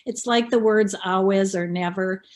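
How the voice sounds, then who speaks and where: A woman's voice: mid-range voice, steady tone, moderate pace, a little mellow. A middle-aged woman from Minnesota with a Minnesota accent, a school counselor giving a parenting presentation in a friendly, conversational way with frequent fillers.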